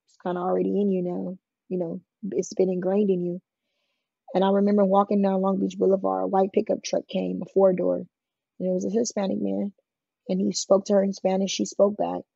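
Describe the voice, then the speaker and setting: Woman guest telling her story, plain-spoken and frank, raspy and gravelly, on a dry recording. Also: medium pitch, warm tone, no room sound, highs cut off. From California. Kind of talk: emotional personal storytelling in an interview.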